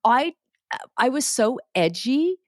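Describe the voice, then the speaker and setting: A woman in her forties, a podcast guest, telling personal stories in a blunt, profane, animated way with frequent restarts. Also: a little high, slow, dry recording, studio quality. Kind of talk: candid conversational storytelling.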